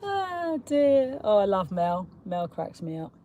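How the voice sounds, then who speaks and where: A woman's voice: mid-range voice, sing-song, slow pace, warm tone, dull audio, slight background noise. A woman from Kent, chatting casually with viewers on a live stream, teasing and laughing and calling them darling. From Kent, south of England. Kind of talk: casual live chat reading comments. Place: in a parked car.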